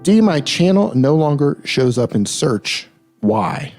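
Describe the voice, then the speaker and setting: A man hosting a casual live stream, reading viewer questions aloud and answering in a relaxed, chatty way, often laughing. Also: fairly high pitch, slow pace, dry recording, soft background music. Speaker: livestream host answering questions.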